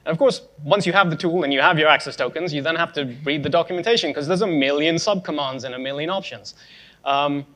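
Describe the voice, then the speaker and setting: A man's voice: a little high, fast, fairly bright tone. A young man giving a conference tech talk, casual and sarcastic with joking asides. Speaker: conference speaker.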